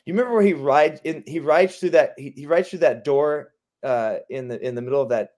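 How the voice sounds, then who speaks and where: A man telling stories from film shoots with eager energy, often quoting people. His voice sits a bit higher than most men's. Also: a little fast, darkish tone. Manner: enthusiastic, quoting others with laughs. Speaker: film director guest. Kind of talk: casual interview anecdotes.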